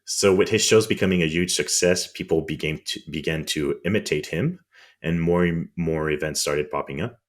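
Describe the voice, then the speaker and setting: A man with a French accent and an extremely low, rumbling voice talks through history on a podcast. He explains in a loose, casual way, pausing on ums and restarting hard words. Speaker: podcast co-host.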